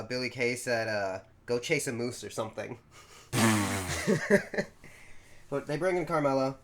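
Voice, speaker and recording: A man co-hosting a podcast, casually retelling events and acting out quotes as he goes. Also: mid-range voice. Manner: animated storytelling, acting out quotes. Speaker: podcast co-host. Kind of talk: casual recap chat.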